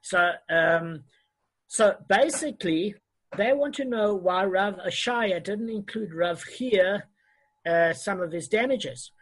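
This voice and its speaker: A man's voice: high-pitched, expressive, takes it slowly, a bit bright, poor audio. A man teaching an online Talmud class over a video call, hesitant and often correcting himself with many fillers.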